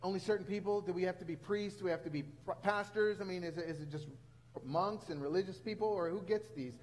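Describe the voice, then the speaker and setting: A man's voice: high-pitched, quick pace, rough recording. A male pastor preaching a sermon to a congregation, telling stories with earnest, rising emphasis.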